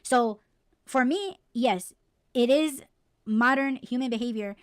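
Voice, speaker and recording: A woman's voice: a little high, slow, smooth, no echo, studio quality. A woman hosting a podcast, ranting bluntly and swearing freely in a casual, heated way. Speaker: podcast host.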